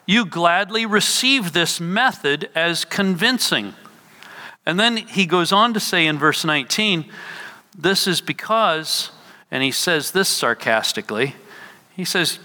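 A man's voice: sits high, lively intonation, unhurried, sharp tone. A man preaching a sermon, explaining a scripture passage verse by verse and voicing quoted lines with emphasis. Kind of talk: sermon teaching. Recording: hall reverb.

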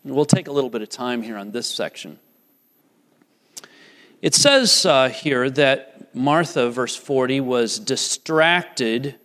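A man's voice: mid-range voice, animated, takes it slowly, fairly bright tone. A man preaching a sermon earnestly, putting repeated questions to his congregation in a church. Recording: church hall reverb.

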